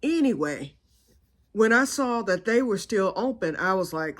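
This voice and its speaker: A woman hosts her own channel and tells a long story straight to her viewers. She talks in a loose, chatty way with laughs and keeps calling them y'all. Her voice sits at a middle pitch. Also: animated, moderate pace. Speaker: channel host. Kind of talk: casual storytelling vlog.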